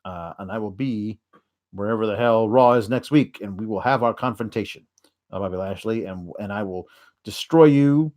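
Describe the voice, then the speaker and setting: Man doing a low, grim wrestler. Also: normal speed, a little mellow, lightly acted. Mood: defiant. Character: defiant male wrestler, grim vow.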